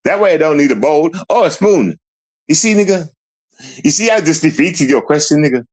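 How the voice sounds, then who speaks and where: A man's voice: fairly high pitch, expressive, normal speed, a little mellow. Mocking young man. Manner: mocking, repetitive, talks to chat. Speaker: livestreamer. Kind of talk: casual livestream rant.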